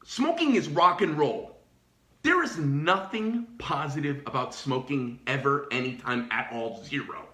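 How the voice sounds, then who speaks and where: Speaking at a measured pace in a fairly high voice, a middle-aged knife shop owner delivers a casual rant heavy with swearing. The room sound is noticeable, and he's animated, rambling, and keeps starting over.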